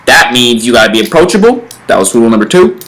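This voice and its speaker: Fast and sing-song, this young vlog host's medium-pitched, slightly bright voice comes through a low-quality recording. He lays out dating rules in a casual comedy vlog with relaxed, filler-packed bro talk, acting out small scenes.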